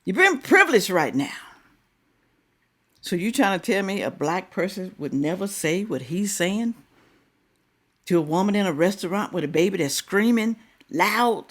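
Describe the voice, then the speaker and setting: A woman's voice: mid-range voice, lively intonation, normal speed, long pauses. A middle-aged woman hosting a reaction video, giving casual commentary and firing rhetorical questions at her viewers.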